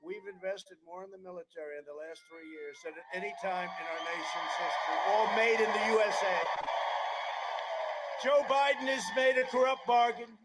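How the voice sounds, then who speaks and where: Speaking at a campaign rally, this seventy-something politician has a high voice and a rambling, digressive delivery full of mocking asides. The background is noisy.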